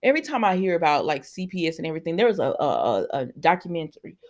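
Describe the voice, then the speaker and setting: A woman's voice: deep voice, rapid-fire. A woman vlogger casually recapping a soap opera episode, acting out the characters' lines and talking back to them. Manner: chatty, animated, acts out characters' lines, talks back to them.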